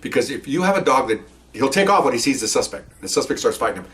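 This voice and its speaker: An older man, a retired police officer, telling a story in a casual, animated way, laughing and acting out voices. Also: mid-range voice, fast, distant mic.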